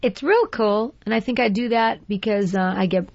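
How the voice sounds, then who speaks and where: Woman in her forties, chatty and upbeat, mid-pitched, dry and muffled radio sound. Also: moderate pace, gravelly, darkish tone, no room sound. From Los Angeles. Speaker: actress and voice actress. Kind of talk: guest on a radio talk show. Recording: dry, dull lo-fi radio recording.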